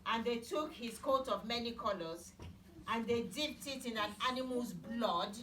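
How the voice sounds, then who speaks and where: A woman telling a Bible story to children in simple words, asking them questions as she goes, recorded in an echoey room far from the mic. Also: on the high side. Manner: slow, simple wording, asks children questions. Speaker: Bible teacher.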